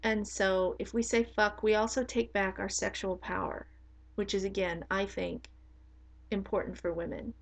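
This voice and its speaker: A middle-aged woman speaks in a casual monologue with blunt, emphatic conviction. Her voice sits at an ordinary pitch for a woman, with a gravelly fry running through it. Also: little pitch movement, moderate pace, poor audio. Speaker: spiritual teacher.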